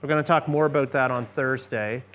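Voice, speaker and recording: A man's voice: mid-range voice, brisk, a bit bright. A middle-aged man giving a conversational church workshop lecture, often asking the audience questions. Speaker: seminar presenter.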